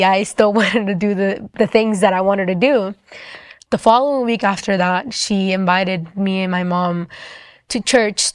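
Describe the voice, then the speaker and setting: A woman's voice: medium pitch, clear, resonant tone, dry recording, studio quality. Young woman telling her testimony. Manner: storytelling, acts out the dialogue, often says "like". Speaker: person sharing a faith testimony. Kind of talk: casual spoken testimony.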